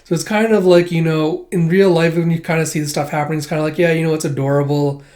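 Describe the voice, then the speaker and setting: A man's voice: a little high, fairly even intonation, fast talker, a little mellow. A man giving a casual, rambling manga review, full of fillers and the odd swear. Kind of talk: casual commentary.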